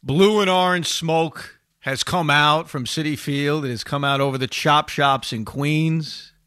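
Excitable New sports-radio host, high and bright, ramps up fast. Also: male voice, clean tone, no room sound, clean studio sound. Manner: excitable, building to near-shouting enthusiasm.

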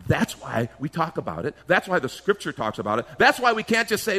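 Lively, bright-voiced man preaching. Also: fairly high pitch, brisk. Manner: emphatic preaching with rhetorical questions and mimicked voices. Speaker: pastor. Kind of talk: sermon.

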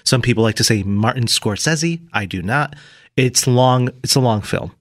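A man's voice: mid-range voice, normal speed. A man co-hosting a radio morning show in a studio, teasing his co-host and reading listener texts. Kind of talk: casual on-air banter.

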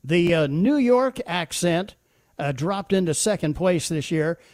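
A man's voice: high-pitched, animated, a little slow, darkish tone, dry recording. A man hosting a talk show, chatty with many fillers. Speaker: radio talk host. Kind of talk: casual chat with bits.

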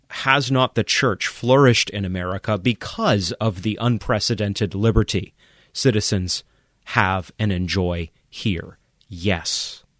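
A man's voice: fairly low pitch, no echo, clean studio sound. A man hosting a podcast, delivering an impassioned commentary monologue full of rhetorical questions and emphatic repetition. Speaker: podcast host.

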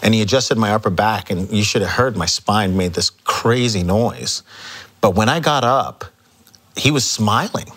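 A man telling stories as an interview guest, acting out quoted dialogue with lively energy. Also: fairly low pitch, normal speed. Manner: animated storyteller, acts out quoted dialogue. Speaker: chiropractor guest. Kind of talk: casual storytelling interview.

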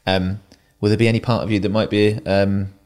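A man hosting a podcast, asking questions in a measured, slightly hesitant way. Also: fairly low pitch, little pitch movement, a little mellow. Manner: measured, a little hesitant, with short agreeing replies. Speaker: podcast host. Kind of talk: interviewing.

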